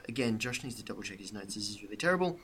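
A man's voice: fairly low pitch, expressive, racing, a bit bright, breathy edge. Hesitant man running a tabletop game. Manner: hesitant, full of ums and restarts. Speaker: game master.

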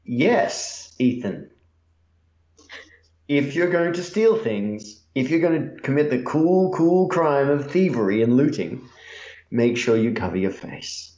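Casting: casual game-master host, joking and hesitant; roomy, slightly dull recording. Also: male voice, mid-range voice, big pitch swings, slow, a little mellow. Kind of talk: casual tabletop game narration.

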